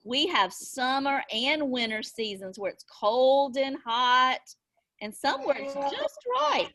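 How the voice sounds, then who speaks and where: Over a video call, a woman with a high-pitched voice teaches a class of young children, taking her time and stretching her words into an encouraging sing-song. She punctuates her questions with small gasps of delight, and her voice sounds pushed and bright.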